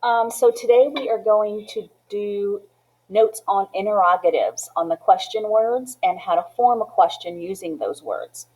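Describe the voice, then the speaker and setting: A woman's voice: mid-range voice, animated, a little slow, a little mellow, low-quality recording. A woman teaching a Spanish lesson, explaining step by step and often checking in with "okay?" and "right?". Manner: mixes English with Spanish phrases. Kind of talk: classroom lesson walkthrough.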